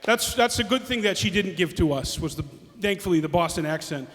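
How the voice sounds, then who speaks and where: A man's voice: high voice, animated, fairly quick, fairly bright tone, big-room sound. A male comedian telling rambling stories in stand-up, with frequent restarts. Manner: rambling self-interrupting storytelling. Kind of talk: stand-up storytelling. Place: stage in a reverberant hall.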